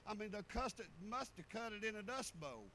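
A middle-aged pastor preaches in a high, bright voice, telling homespun stories in a folksy way. Faint noise sits under the recording. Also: male voice, lively intonation, a little fast, rough recording. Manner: folksy storytelling preaching with rural dialect. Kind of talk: sermon.

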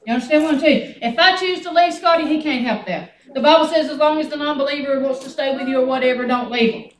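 Woman preacher in her sixties, high voice, folksy call-and-response style; roomy, noisy recording. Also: fast talker. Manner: folksy, calls on the congregation for responses. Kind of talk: sermon. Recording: echoey room, mic at a distance, noisy.

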